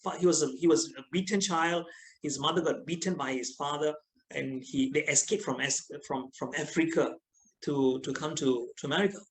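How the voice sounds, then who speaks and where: A middle-aged man with a Malaysian English accent giving a lively, teasing online lecture to students, often asking them questions. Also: a little high, normal speed, a little hiss or hum, rough recording.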